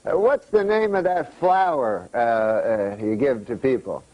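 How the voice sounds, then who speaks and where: Guy doing forgetful old uncle, halting, fumbling for words, lively pitch. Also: lo-fi sound, natural voice. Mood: groping.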